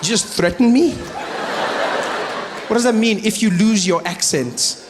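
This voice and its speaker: A South African male stand-up comedian with a South African accent, telling stories in a lively, playful way. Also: high-pitched, a little slow, noisy background. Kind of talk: stand-up storytelling.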